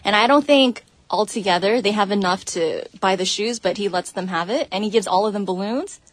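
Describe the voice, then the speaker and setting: A woman in her thirties co-hosting a radio show, chatty and quick to laugh as she tells stories. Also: mid-range voice, no echo. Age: 30s. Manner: chatty, giggly, storytelling. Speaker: radio co-host. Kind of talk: casual radio banter.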